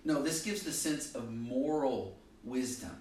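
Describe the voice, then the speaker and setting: A man's voice: medium pitch, measured pace, slight background noise. Male preacher mid-sermon, dynamic delivery, recorded from afar in a big reverberant hall. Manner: preaching, swings from loud emphatic lines to quiet asides. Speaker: pastor. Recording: echoey hall, voice from far off.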